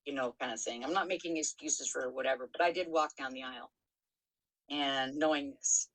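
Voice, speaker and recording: Podcast host, middle-aged woman, low pitch and a bright, forceful tone, frank and profane in her storytelling. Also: normal speed, low-quality recording. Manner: frank, swears freely, many fillers and restarts. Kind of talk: candid personal storytelling.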